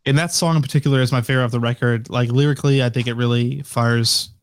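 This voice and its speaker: Rambling young podcast co-host, dry sound. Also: male voice, medium pitch, steady tone, fast talker, no room sound. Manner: rambling, many fillers and restarts. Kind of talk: casual chat.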